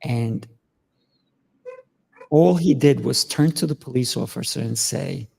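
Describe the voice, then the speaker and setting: A man hosting a talk show, telling an animated story and giving advice in a casual conversational way. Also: medium pitch, slow, creaky, long pauses, husky. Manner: animated storytelling with acted quotes. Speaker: host.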